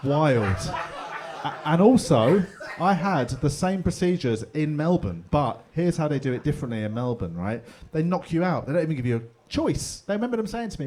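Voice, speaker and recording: A man, telling a story in a stand-up comedy set in a pub, animated and bursting into mock voices. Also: fairly high pitch, brisk. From England. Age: 40s. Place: pub comedy room with live audience.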